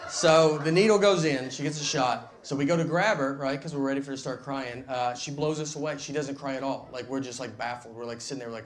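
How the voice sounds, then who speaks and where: A middle-aged man with a Southern US accent doing a stand-up comedy set, telling stories in a dry, deadpan way into a handheld mic on a theater stage. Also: medium pitch, fast, few pauses. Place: theater stage before a laughing audience. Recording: live hall recording with long reverb and audience noise.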